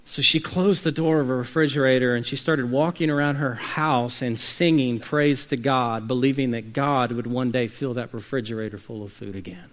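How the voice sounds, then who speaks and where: A male preacher delivering a sermon, telling stories with dynamic swings from quiet to shouting. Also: medium pitch, normal speed, few pauses. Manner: dynamic storytelling, rising to shouts at climaxes.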